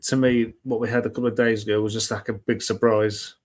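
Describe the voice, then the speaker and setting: A man's voice: on the low side, little pitch movement, fast. A man hosting a casual live weather chat show, talking in a chatty, rambling way and often correcting himself mid-sentence.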